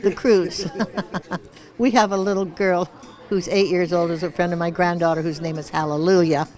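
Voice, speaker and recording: A woman's voice: lowish voice, fairly even intonation, moderate pace, darkish tone. A woman in her eighties answering a red-carpet interview, rambling and joking with frequent chuckles. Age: 80s. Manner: wandering, searches for words. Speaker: award honoree being interviewed.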